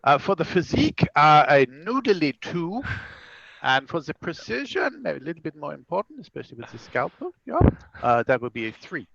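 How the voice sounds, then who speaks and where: A man's voice: a little high, big pitch swings, normal speed, gravelly, a bit bright, dry recording. A man playing a tabletop game, chatting casually and joking around. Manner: playful, jokey. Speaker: player. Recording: dull lo-fi sound.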